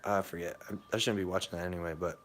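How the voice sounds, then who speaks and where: A man's voice: low-pitched, fairly even intonation, quick pace, fairly bright tone. A young American man telling a long story in a casual vlog, rambling and swearing, with many fillers and restarts. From United States. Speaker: vlogger.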